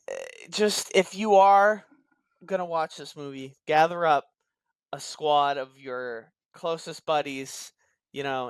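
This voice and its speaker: A man's voice: a little high, clean tone, no echo. A young adult man co-hosting a podcast, talking casually and with exasperation, swearing often. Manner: exasperated, swearing, laughing asides. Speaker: podcast co-host. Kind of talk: casual movie review chat.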